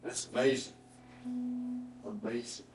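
A middle-aged man, preaching a sermon and telling a personal story in an earnest voice that often drops to a hushed, emotional tone. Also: mid-range voice, steady tone, measured pace, music in the background. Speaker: pastor. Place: church sanctuary. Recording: roomy church sound from a distant mic.

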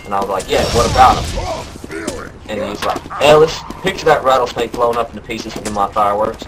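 A man voicing a rambling young Southern good-ol'-boy who drawls through a story and bursts into yelled quotes, over game voice chat. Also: lowish voice, a little fast, background noise, natural voice. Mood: tall tale.

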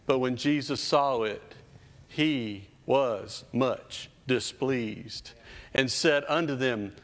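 A man's voice: medium pitch, measured pace. A man in his fifties preaching a sermon as a children's pastor, emphatic and repetitive, building in intensity. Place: church stage. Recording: reverberant church hall.

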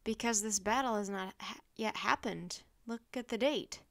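A woman doing a calm emperor, measured and grave, storybook reading. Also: medium pitch, natural voice. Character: wise calm Roman emperor, older man.

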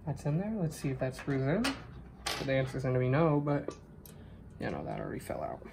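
Casual male vlogger, frustrated DIY talk, plain middle pitch, noisy home recording. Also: wildly swooping pitch, fairly quick, gravelly. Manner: casual, frustrated muttering to himself as he works. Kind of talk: casual chat while assembling gear. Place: room at home. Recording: noisy room sound.

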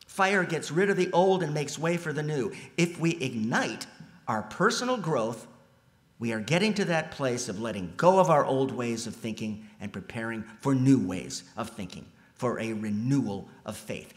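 A man delivering a sermon in a church, alternating between loud, emphatic lines and soft, almost whispered ones. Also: medium pitch, lively intonation, moderate pace. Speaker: lay preacher. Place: church sanctuary. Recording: long hall reverb.

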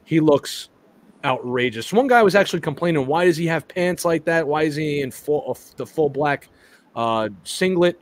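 A man's voice: on the high side, expressive, normal speed. A man hosting a live toy chat stream, talking casually with lots of restarts and stumbles and some casual swearing.

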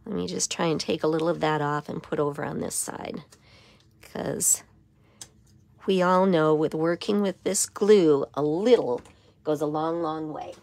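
A hoarse woman with a raspy voice giving a step-by-step papercraft tutorial in her craft studio. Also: low-pitched, measured pace, a little mellow, no echo. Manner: step-by-step instruction with frequent okays. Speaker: papercraft demonstrator.

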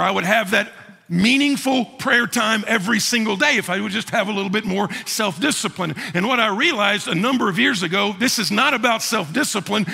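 A man preaching a sermon as pastor, animated, with joking asides and mock voices for the figures he quotes. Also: sits high, creaky, husky. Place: church sanctuary. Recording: reverberant church sanctuary.

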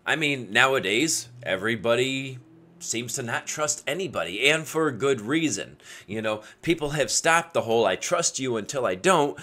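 A man spinning a story for his viewers with a bright, forward voice. His pitch swings widely as he laughs his way through it and clips his curses short. It is a casual, chatty vlog delivery. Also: moderate pace. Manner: animated, laughs often, cuts off swear words mid-word. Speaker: video creator giving dating advice.

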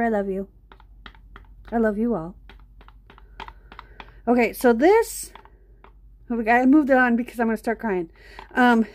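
A woman's voice: medium pitch, mellow. A middle-aged woman hosting an art live stream, rambling and chatting straight to her viewers. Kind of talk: casual live-stream chat.

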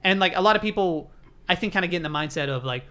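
A man talking quickly in a loose podcast chat, with a slightly high, bright voice. He is eager and swears freely. He piles his words on fast. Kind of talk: casual late-night chat.

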